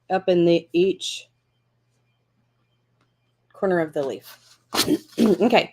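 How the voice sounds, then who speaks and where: A woman's voice: fairly low pitch, slight background noise. A woman hosting a live crafting lesson, chatting encouragingly and thinking aloud as she works. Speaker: craft class host.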